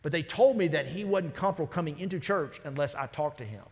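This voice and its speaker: A man who is the senior pastor, preaching a sermon in a lively, conversational storytelling way. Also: fairly high pitch, fast. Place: large church sanctuary. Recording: church sanctuary with long reverb.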